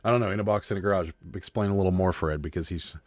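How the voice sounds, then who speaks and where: A man's voice: sits low, no room sound. A man co-hosting a casual livestream chat about reselling, telling stories with plenty of laughter. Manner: animated storyteller, quick to laugh. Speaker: livestream co-host.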